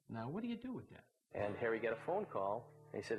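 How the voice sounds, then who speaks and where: A man, a former baseball broadcaster, telling anecdotes in a relaxed storytelling way. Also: mid-range voice, fast talker, soft background music, low-quality recording. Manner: relaxed raconteur, briefly mimics others in quotes.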